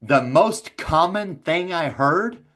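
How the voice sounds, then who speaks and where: A man's voice: on the high side, lively intonation, slow pace, fairly bright tone. Easygoing Texas-accented man telling stories. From Texas, USA. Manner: laid-back storytelling, swears casually. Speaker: insurance agency owner, guest. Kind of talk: casual podcast conversation.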